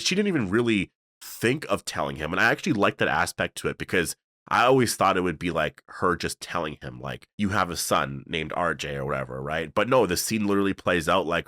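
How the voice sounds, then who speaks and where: A man's voice: low-pitched, a little fast, no echo, clean studio sound. A man reviewing a TV episode in a casual, rambling way, full of fillers. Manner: rambling, filler-heavy, excitable. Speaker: show reviewer. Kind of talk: casual video breakdown.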